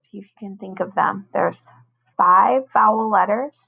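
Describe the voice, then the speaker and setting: A woman teaching a recorded lesson to first graders, speaking slowly and patiently with careful, stretched-out pronunciation. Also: medium pitch, vocal fry, slightly rough, phone-quality sound. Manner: slow, patient, over-enunciated teacher talk. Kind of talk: recorded online lesson for children.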